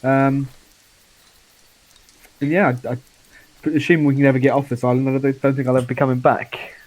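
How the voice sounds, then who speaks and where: A dwarf sports player introduces himself in a plain, mid-pitched voice that keeps pausing and restarting, as a man plays him. He sounds weary and resigned in this tabletop role-play. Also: level tone, darkish tone, natural voice, rough recording. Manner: halting, hesitant.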